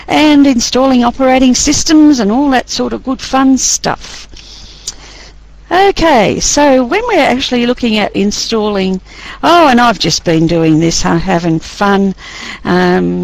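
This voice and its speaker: A woman's voice: medium pitch, gravelly, rough recording. A woman lecturing a class, running a chatty, teasing quiz and laughing often.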